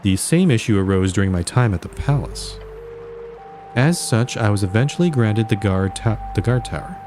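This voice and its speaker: A rigid, formal angel woman, put on by a man reading game dialogue. She speaks in measured, flat sentences from a voice that sits a little above his low natural register. Faint music plays behind. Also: close to an everyday voice. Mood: formal, detached. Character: formal, stiff female angel guardian.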